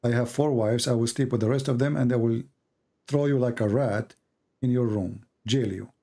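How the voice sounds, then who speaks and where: A man hosting a live-streamed religious debate, arguing and pressing his caller with repeated questions, reading passages slowly. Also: medium pitch, creaky, warm tone. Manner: reads quoted passages slowly and deliberately.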